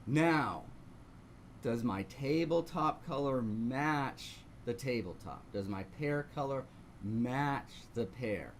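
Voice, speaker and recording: A man's voice: mid-range voice, expressive, slow, slight background noise. A man teaching a live online painting lesson, talking through each step and asking rhetorical questions. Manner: talks through steps, asks rhetorical questions. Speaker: painting instructor.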